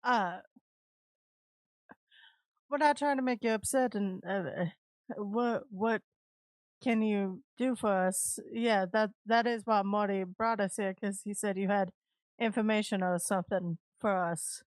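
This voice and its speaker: Woman player, hesitant and halting, dry mic. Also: mid-range voice, dry recording. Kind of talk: in-character tabletop play.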